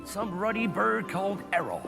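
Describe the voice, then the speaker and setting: An actor playing a big, gruff, kindly male half-giant gamekeeper in a film, speaking with a West Country accent and a folksy, grumbling manner. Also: high voice, lively intonation, normal speed. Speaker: film character. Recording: film clip with music behind. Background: film score music.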